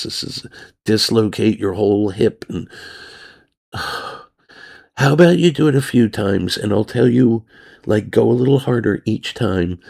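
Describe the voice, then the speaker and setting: Slow, gravelly man telling a story. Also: on the low side, a little mellow. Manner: rambling, blunt, acts out both sides of the story. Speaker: podcast host. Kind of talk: crude storytelling monologue.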